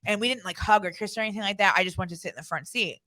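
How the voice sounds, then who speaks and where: A woman's voice: medium pitch, rapid-fire, bright, forceful tone. A young adult woman co-hosting a podcast, telling a story in a casual, blunt way and swearing freely. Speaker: podcast co-host.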